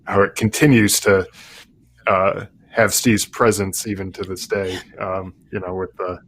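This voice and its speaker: A man on a podcast as a guest, speaking in a casual, halting way with many fillers and restarts. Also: deep voice, level tone, fairly bright tone, a little hiss or hum. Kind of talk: casual conversation.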